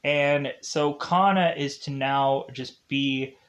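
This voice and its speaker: A man's voice: medium pitch, slow, a bit bright, dull audio. A man giving a casual, rambling plot recap of a movie, full of fillers and self-corrections. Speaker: movie reviewer.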